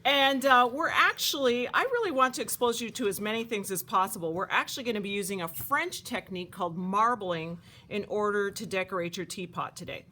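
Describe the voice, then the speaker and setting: A woman teaching a craft to children at a camp, talking in a playful, animated, chatty way. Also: medium pitch, brisk, few pauses.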